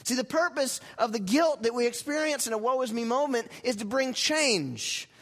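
High-pitched guy preaching a sermon, gets loud then drops real quiet, has the church repeat after him. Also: animated, normal speed. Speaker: pastor.

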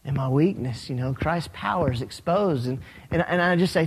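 A man preaching a sermon as a pastor, telling stories with animated, rising emphasis. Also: a little high, moderate pace, hardly any pauses, husky. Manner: animated storytelling, rising when excited. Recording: long hall reverb.

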